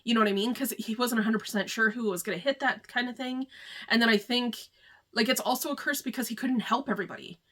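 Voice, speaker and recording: A woman with a slightly raised pitch talks through a book in a casual review. She rambles from thought to thought, filling the gaps with "like" and loose asides. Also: steady tone, quick pace, fairly bright tone. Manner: chatty, rambling, heavy use of "like".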